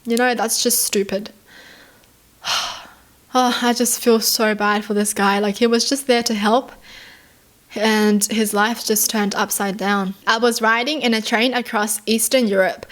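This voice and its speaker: A woman's voice: fairly high pitch, fairly even intonation, measured pace, a bit bright. A young woman from Australia, a YouTuber who reads stories aloud and breaks in with indignant remarks and sighs. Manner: indignant outbursts and sighs between readings. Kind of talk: reading stories aloud with reactions.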